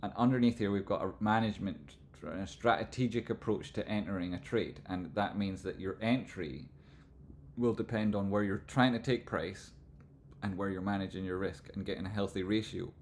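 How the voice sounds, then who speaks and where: A man with a Scottish accent hosting a live stream, explaining stock chart analysis in a relaxed, rambling way. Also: deep voice, normal speed, slight background noise. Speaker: livestream host, trading analyst.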